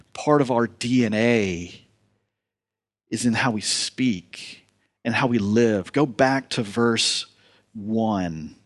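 A middle-aged man preaching a sermon in a folksy manner, with playful asides to the congregation. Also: medium pitch. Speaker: pastor.

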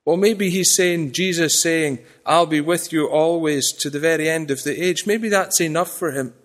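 A man delivering a sermon in a fairly high voice. He swings between loud, proclaiming passages and hushed, confiding asides. He also drops in wry, self-deprecating remarks to his listeners. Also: normal speed. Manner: dynamic, swings from raised declaiming to quiet confiding. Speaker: pastor.

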